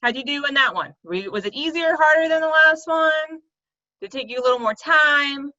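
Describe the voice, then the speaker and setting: A woman teaches a video lesson for kids in a brisk, high-sitting voice with a sharp tone, though the audio is dull. She keeps it playful and laughs at herself whenever she trips over tongue twisters.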